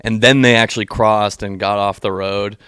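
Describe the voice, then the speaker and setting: Profane animated man telling a story. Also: lowish voice, moderate pace, smooth, no echo, studio quality. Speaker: podcast co-host. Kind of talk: casual chat, long-winded storytelling.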